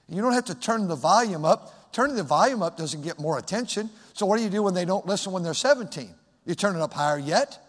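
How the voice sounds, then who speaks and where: A man preaching a sermon as pastor, swinging from loud, shouted emphasis to soft, hushed speech. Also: sits high, animated, quick pace. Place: large church sanctuary. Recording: long hall reverb.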